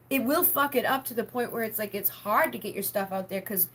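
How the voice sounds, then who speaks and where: A woman's voice: on the high side, brisk, a bit bright, slightly rough. Rambling woman chatting on a livestream. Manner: rambling, heavy on filler words and swearing. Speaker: spiritual healer hosting a members' live stream. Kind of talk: casual livestream chat.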